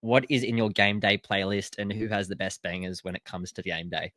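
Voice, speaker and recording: Man, podcast host, low voice, dry close sound, upbeat questions. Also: steady tone, brisk, fairly bright tone, dry recording.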